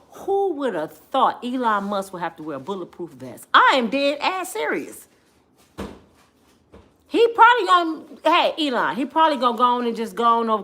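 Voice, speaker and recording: A woman with a high voice that swoops up and down constantly, telling a comedic story on her vlog. Her talk is slangy and full of jokes and laughs. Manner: animated, slangy, laughing, joking. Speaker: vlogger.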